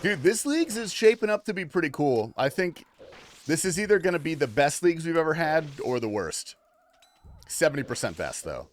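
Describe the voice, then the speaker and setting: Fairly high and sing-song, this young American man's voice moves at a fairly quick clip. He's a casual livestream gamer who laughs, swears freely, and reads viewers' chat aloud.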